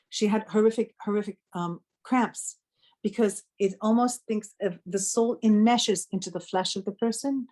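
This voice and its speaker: A middle-aged woman speaks at an everyday mid-range pitch as a guest healer. She tells her story earnestly and conversationally, correcting herself and restarting phrases as she goes. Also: a little mellow.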